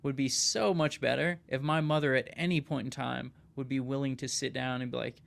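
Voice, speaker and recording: A man's voice: medium pitch, steady tone, a little fast, vocal fry. A man hosting a casual podcast conversation, talking emphatically and often tossing in "dude", "man" and "right?". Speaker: podcast host.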